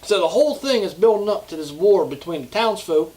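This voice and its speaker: High-voiced Southern US man, laid-back. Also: animated, brisk, a little mellow, poor audio. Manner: laid-back, swears freely. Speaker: co-host. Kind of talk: casual chat.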